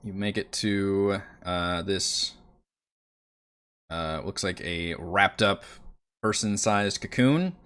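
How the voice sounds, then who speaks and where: A man runs a tabletop game as dungeon master, his voice sitting on the low side. He describes the scene in a halting way, full of ums and restarts. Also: fairly bright tone, clear, resonant tone. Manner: hesitant, filler-laden description.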